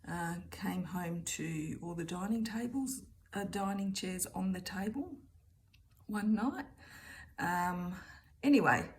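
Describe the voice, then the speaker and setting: A woman's voice: fairly low pitch, slow. A middle-aged woman with an Australian accent telling a rambling story in a chatty, casual way. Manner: chatty, rambling, keeps returning with "anyway". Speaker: vlogger.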